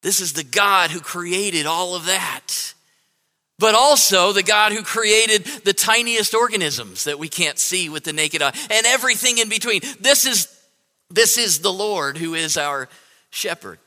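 A man preaching a sermon as pastor, repeating phrases with halting restarts and emphatic lists. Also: sits high, pushed and bright, in a large hall.

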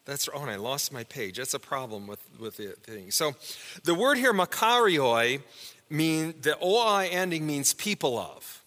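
In a church sanctuary with a long reverb tail, a pastor with a fairly bright, higher-pitched voice teaches a Bible word study during his sermon. He speaks at a moderate pace with lively intonation, keeping things conversational and putting questions to the congregation.

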